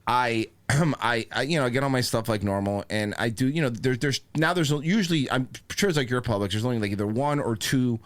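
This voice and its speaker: A man hosting a podcast, telling a comedic rant full of swearing and quick impressions of the people in his story. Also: mid-range voice. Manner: animated, profane, mimics people in his stories. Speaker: podcast host.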